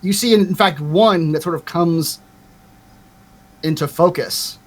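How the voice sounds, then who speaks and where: Higher-voiced man narrating a tabletop game. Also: slow pace. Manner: hesitant, with frequent fillers. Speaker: game master.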